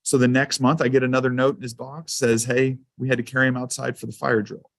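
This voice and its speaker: A man of middle pitch gives a school safety presentation, mixing guidance with personal stories. He talks casually, with plenty of "um"s and small restarts. The sound is dry and close, with hardly any room in it. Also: level tone, fast talker, creaky, a bit bright, no echo. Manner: conversational storytelling with fillers. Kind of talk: anecdotal presentation to a council.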